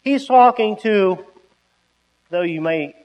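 Male preacher, slow and emphatic, pitch leaping on key words. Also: lively intonation, a little mellow, big-room sound, rough recording. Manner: emphatic, with sudden rises on key words and drawn-out phrases. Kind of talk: sermon.

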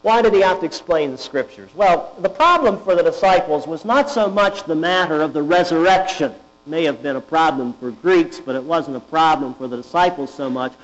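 A man preaches in a high voice, deliberate and emphatic, leaning on rhetorical questions. The recording is dull and lo-fi. A mains hum runs underneath. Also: lively intonation. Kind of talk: sermon.

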